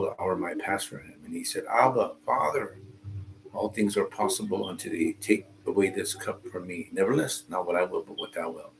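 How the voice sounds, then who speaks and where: A man's voice: deep voice, gravelly, slight background noise, rough recording. A man reading a Bible passage aloud, stopping often to add informal comments of his own. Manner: reads slowly and pauses to comment, informal asides. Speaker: Bible teacher.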